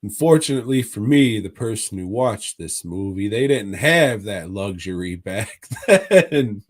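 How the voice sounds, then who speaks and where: Talking movies on a podcast he co-hosts, a man rambles casually and swears freely in a relaxed review chat. His voice sits on the low side, animated yet unhurried.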